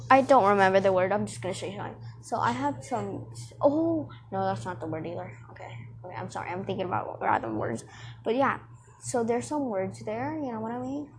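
A woman's voice: fairly high pitch, background noise. A teenage girl chatting casually to her viewers in a rambling, distracted way, full of fillers, with a dry throat. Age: teens. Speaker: vlogger.

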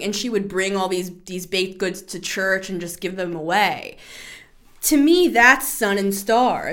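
A woman in her thirties hosting a casual tarot reading show, chatty and animated, laughing often and swearing freely. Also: medium pitch. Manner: animated, shifts into playful voices. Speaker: tarot podcast host.

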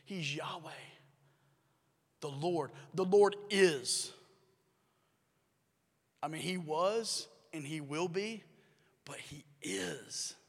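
High-voiced man preaching in a reverberant hall. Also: takes it slowly, vocal fry, pauses often, fairly bright tone. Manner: conversational, asks the congregation questions and repeats key phrases. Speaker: pastor. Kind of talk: sermon. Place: church sanctuary. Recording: long reverb of a large hall.

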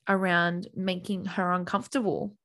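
A young adult woman co-hosting a podcast, talking openly and earnestly in casual chat, animated when telling stories. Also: lowish voice, normal speed. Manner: open, earnest, animated storytelling. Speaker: podcast co-host.

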